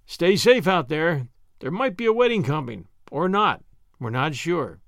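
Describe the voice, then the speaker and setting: A man's voice: on the high side, sing-song, unhurried, a bit bright, no room sound, clean studio sound. A man narrating a classic story and hosting a podcast, reading expressively. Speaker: audiobook narrator and podcast host.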